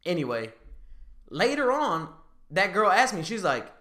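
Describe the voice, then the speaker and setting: A man's voice: measured pace, reverberant. A man hosting a podcast, telling a dating story in casual chat and laughing as he gets worked up. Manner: animated, laughing storyteller, rises high when excited. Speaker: podcast host.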